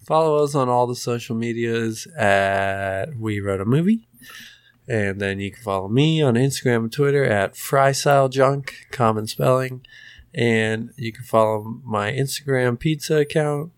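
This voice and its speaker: A man's voice: medium pitch, measured pace, smooth, dry recording, studio quality. A young man co-hosting an improv comedy podcast, bantering playfully with laughs. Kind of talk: casual banter.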